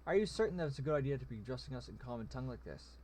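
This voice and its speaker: A man's voice: medium pitch, lively intonation, rapid-fire, darkish tone, slight background noise, lightly acted. A man voicing a smug scheming goblin general. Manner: smug, teasing, pompous wording. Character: sly mocking male goblin general, scheming.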